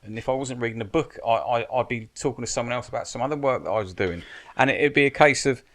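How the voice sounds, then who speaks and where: At a quick pace and medium pitch, a stunt coordinator and military adviser shares advice as a podcast guest. His manner is casual, frank and blunt, with frequent swearing and sentence restarts.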